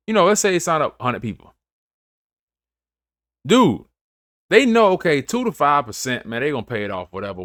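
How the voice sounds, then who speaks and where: A man's voice: mid-range voice, a bit bright, no room sound, studio quality. A man hosting a finance channel, giving casual, emphatic advice to camera in a slangy way, often checking in with "you feel me". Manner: slangy, repeats phrases, asks "you feel me"; emphatic, preachy.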